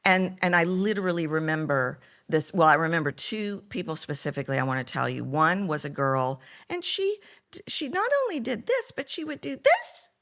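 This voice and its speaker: A woman voice coach talking as a podcast guest, animated, telling stories and acting out other people's voices. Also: lowish voice, normal speed. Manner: animated storyteller, acts out voices. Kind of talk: conversational podcast interview.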